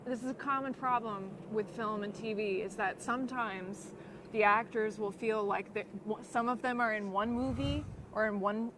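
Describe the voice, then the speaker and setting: A woman co-hosting a live show review in casual chat, chatty and quick to laugh. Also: fairly high pitch, fairly even intonation, noisy background. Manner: chatty, laughs often, talks over her co-host. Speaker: podcast co-host.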